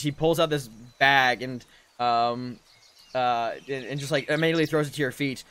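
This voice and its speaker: A man narrates a tabletop game as dungeon master. His voice sits at a middle pitch, and his narration is loose and rambling, full of fillers. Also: fairly even intonation, moderate pace, fairly bright tone, smooth.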